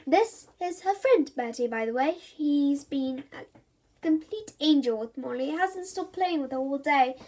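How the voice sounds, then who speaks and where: A woman reading aloud voices a soft-spoken young mother, polite and easily embarrassed. Her voice sits high and light. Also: expressive, unhurried.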